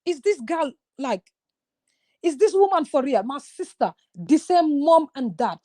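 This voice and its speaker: A high, slightly mellow voice belongs to a woman from Gambia who is a guest in a casual conversation. She speaks openly and earnestly, confiding her own experiences.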